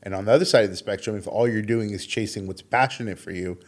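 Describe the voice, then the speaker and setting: A man co-hosts a podcast and talks quickly in a fairly low voice. He drives home his opinions with emphasis. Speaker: podcast co-host. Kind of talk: casual interview chat.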